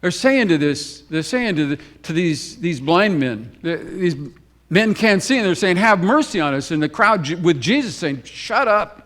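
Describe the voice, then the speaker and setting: A man preaching a sermon to his congregation, telling gospel stories with quick emphatic runs and sudden slow, hushed lines. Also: a little high, very animated. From United States. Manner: storytelling preacher, swings between brisk emphatic runs and slow hushed phrases; repeats words for emphasis, addresses the congregation directly. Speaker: pastor. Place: church sanctuary.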